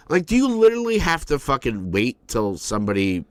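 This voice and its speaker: A man co-hosting a podcast in casual chat, rambling, animated and swearing freely. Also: medium pitch, fairly quick, no echo. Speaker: podcast co-host.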